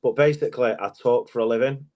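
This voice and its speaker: A man's voice: mid-range voice, steady tone, fast, darkish tone. A middle-aged man, a guest comedian, chatting casually in an interview, telling stories, laughing often and swearing freely.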